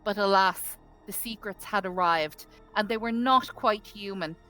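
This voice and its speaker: A woman's voice: medium pitch, a little slow, soft background music, poor audio. A woman reading her character's adventure journal aloud to a tabletop group. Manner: nervous at first, then steady reading.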